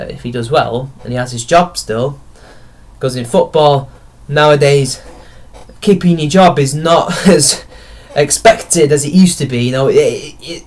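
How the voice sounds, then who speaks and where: Rambling guy reviewing a film. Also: a little high. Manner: rambling, opinionated, self-correcting. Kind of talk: casual opinion vlog.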